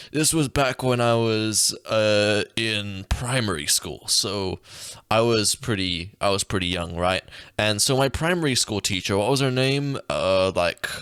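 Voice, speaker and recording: A man's voice: expressive, measured pace, fairly bright tone, smooth, no room sound, clean studio sound. Sick man telling a silly rambling story. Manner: rambling absurd storytelling, jumps into high silly voices. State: sick, coughing. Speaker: podcast co-host. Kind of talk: goofy comedic podcast chat.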